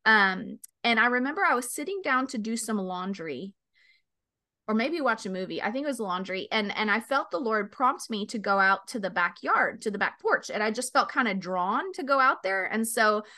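Woman, forties, host, chatty storytelling, bright tone. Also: moderate pace. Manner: animated storyteller, acts out voices with big pitch jumps. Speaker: podcast host. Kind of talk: casual chat, storytelling.

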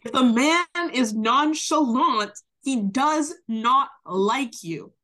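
A woman's voice: sits high, expressive, slow pace, pushed and bright. A woman in her twenties co-hosting a podcast, making emphatic, opinionated points in casual chat. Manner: emphatic, opinionated, gets hyped. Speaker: podcast co-host.

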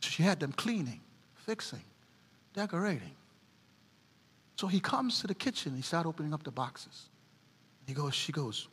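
A middle-aged woman preacher giving a sermon, mixing animated preaching with folksy stories about her family. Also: sits low, moderate pace, long pauses, slightly rough, big-room sound.

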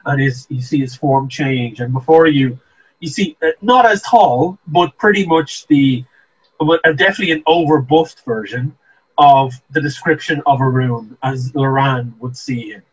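A man's voice: medium pitch, normal speed, husky, muffled recording. A man narrating a tabletop game as game master, hesitant, with many ums and restarts. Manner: hesitant, lots of ums and restarts, laughs often.

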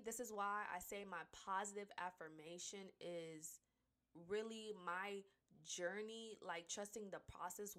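A young woman hosting a casual faith-based podcast, talking warmly to her listeners, laughing often and getting emotional to the point of tears. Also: medium pitch. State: tearful, near crying. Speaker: podcast host.

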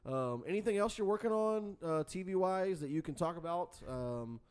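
A man with a voice a little higher than most men's, co-hosting a radio show. He jokes easily with his co-host and guest and slips in sponsor plugs. He talks into a studio microphone. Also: expressive, moderate pace, a little mellow, smooth. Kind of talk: casual radio chat.

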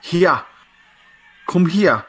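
A man's voice: sits high, expressive, very slow, breathy edge, soft background music, heavily acted. A man voicing a taunting heel wrestler's inner voice in a broad Geordie accent, goading and swaggering. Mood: menacing.

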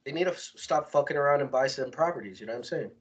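A man co-hosting a casual podcast, talking in a loose, animated way full of slang and swearing. His voice sits at an ordinary middle pitch, and he speaks like he is hanging out with a friend. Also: racing, dull audio, crowd noise. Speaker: podcast co-host. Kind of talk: casual chat.

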